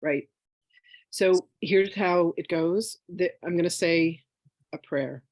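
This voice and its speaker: A woman's voice: lowish voice, takes it slowly, darkish tone, no room sound. A woman teaching a spiritual class in a candid, chatty way, telling a personal story with many "you know" asides.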